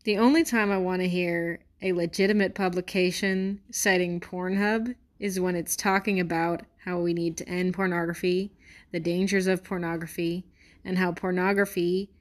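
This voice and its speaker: A woman vlogger reading a news article aloud with sarcastic, exasperated commentary, swearing freely and slowing down to stress words she mocks. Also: lowish voice.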